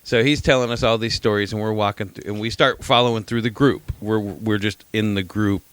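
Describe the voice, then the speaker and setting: Low-voiced rambling man telling a story. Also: fairly even intonation, brisk, a bit bright, smooth, dry recording. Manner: rambling, repeats himself, swears casually. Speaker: podcast co-host. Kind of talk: casual storytelling chat.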